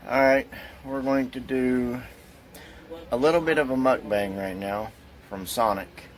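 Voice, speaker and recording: A man's voice: medium pitch, fairly even intonation, a little slow. A man vlogging from his car, ranting and swearing freely in a casual way. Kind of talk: casual vlog while driving. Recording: car noise behind the voice.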